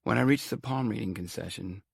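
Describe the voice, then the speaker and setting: A man's voice: lowish voice, fairly quick, vocal fry, husky, dry recording, clean studio sound. A man narrating an audiobook in a wry, conversational storytelling manner.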